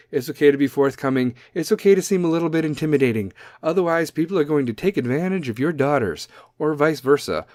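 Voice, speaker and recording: A young man in the middle of a blunt, swear-filled rant, confrontational and quick to drift off topic. His voice sits at a middling pitch. It is recorded close and dry, with no room sound. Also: darkish tone, no echo. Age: young adult. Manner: goes off on tangents. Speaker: podcast host. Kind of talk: ranting monologue.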